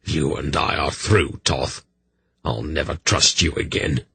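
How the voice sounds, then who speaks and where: A man voicing a betrayed smith who speaks in a dreadfully quiet, cold voice. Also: very deep voice, a little slow, vocal fry, breathy edge, exaggerated voice. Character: angry, betrayed male smith.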